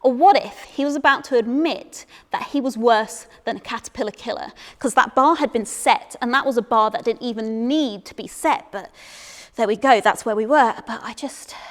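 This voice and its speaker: A young woman tells a comic story from a theatre stage in a fairly high voice. She is chatty and self-deprecating, and she trips over repeated words. A long stage reverb trails behind her voice. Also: moderate pace. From England. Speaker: solo performer.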